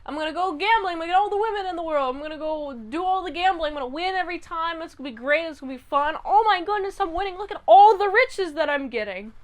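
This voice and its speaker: A woman voicing a brash, greedy male crook who gets bored fast, talking loud and excitable while she recaps a story. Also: high voice, exaggerated voice. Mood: excited.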